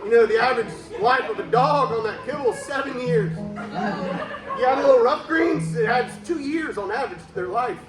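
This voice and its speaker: A man's voice: very high-pitched, moderate pace. A man telling a mock-sincere comic story in a live venue, slipping in fake ad reads. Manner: deadpan mock-sincere storytelling, breaking into laughs. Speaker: comedic performer. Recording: echoey room with music and crowd. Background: music and crowd noise.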